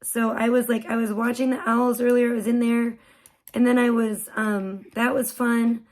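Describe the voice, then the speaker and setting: A young woman hosting a casual livestream, her voice pitched high and a little worn from a sore throat. She talks in an excitable, loose way and swears freely. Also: moderate pace. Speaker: livestream host.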